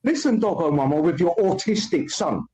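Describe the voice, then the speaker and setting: A man's voice: a little high, expressive, moderate pace, dark tone, poor audio. A man hosting a livestream, ranting at a viewer in a taunting, abusive way and swearing heavily. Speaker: livestream host.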